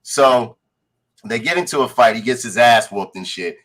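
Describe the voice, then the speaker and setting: Male podcast co-host, mid pitch, animated storyteller who acts out lines and swears casually. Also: moderate pace, low-quality recording. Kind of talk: casual chat reviewing a show.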